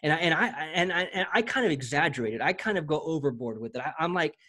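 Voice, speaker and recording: Energetic slangy man, slightly high voice. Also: quick pace. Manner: energetic, slangy, repeats words often. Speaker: presenter demoing software. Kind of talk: casual walkthrough chat.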